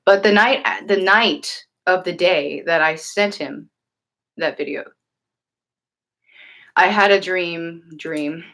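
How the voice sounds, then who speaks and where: Woman with a lowish voice, hosting a home livestream; casual and earnest, loose rambling delivery. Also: slow pace, long pauses, a bit bright. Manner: earnest, rambling, many fillers and restarts. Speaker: livestream host and tarot reader. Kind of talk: casual livestream chat answering viewers.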